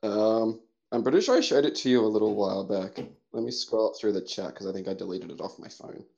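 A man's voice: lowish voice, quick pace, creaky, a little mellow, dull audio. An Australian man who talks as a podcast guest in an easygoing, hesitant way, with many ums. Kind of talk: casual chat.

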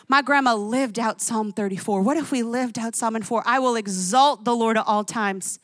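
A woman's voice: a little high, normal speed, few pauses, a bit bright, no echo. A woman in her thirties preaching a sermon, telling stories with emphatic, exclamatory delivery. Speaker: pastor.

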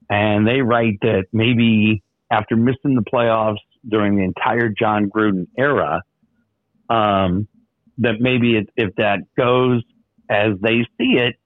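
A man hosting a radio show in casual chat, telling stories with easygoing filler pauses. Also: lowish voice, no echo. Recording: dry, phone-like narrow sound.

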